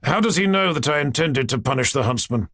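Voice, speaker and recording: A gruff, sarcastic aristocratic father, read by a man narrating an audiobook. His husky voice swings widely in pitch as he scolds, recorded close and dry. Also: animated, a little fast, a bit bright, dry recording. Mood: stern. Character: stern irritable aristocratic father.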